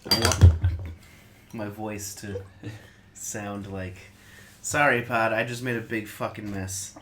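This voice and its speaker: Young male podcast co-host, crude jokey banter, flat delivery. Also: takes it slowly, background noise. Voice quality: deep, monotone voice. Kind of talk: casual podcast chat.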